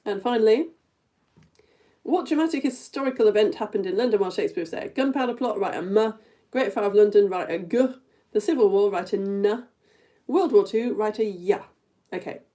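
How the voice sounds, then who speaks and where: Mellow-voiced woman teaching a playful quiz. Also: mid-range voice. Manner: playful, giggly, talks straight to viewers. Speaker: teacher of all-ages online lessons. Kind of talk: live-streamed quiz lesson.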